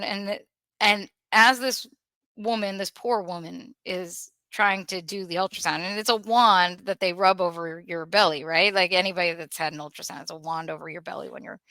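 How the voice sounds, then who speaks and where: A woman in her thirties with a bright, forceful voice tells a personal story on a podcast, candid and animated, slipping into the voices of the people in it. The sound is dry and close, with no room around it. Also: mid-range voice, clear, resonant tone, no echo. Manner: candid, animated retelling with acted quotes. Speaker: podcast host.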